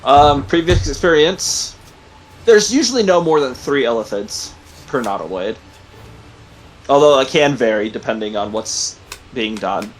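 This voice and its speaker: A man narrating a tabletop game as game master, halting often with ums and restarts. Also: mid-range voice, expressive, a little hiss or hum, rough recording. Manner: halting, many ums and likes.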